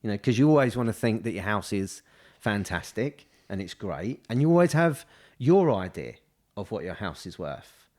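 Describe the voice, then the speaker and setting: An estate agent co-hosting a casual podcast speaks at a normal pace in a low-ish, very animated and slightly mellow voice. Recorded on a studio mic, he rambles, restarts his sentences, and keeps saying "you know".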